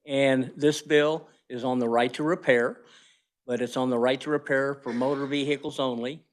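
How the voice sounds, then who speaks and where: A man presenting a bill at a legislative hearing, speaking slowly and plainly in a committee room. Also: mid-range voice, steady tone. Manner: slow, plain-spoken. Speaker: bill sponsor. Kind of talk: testifying at a hearing.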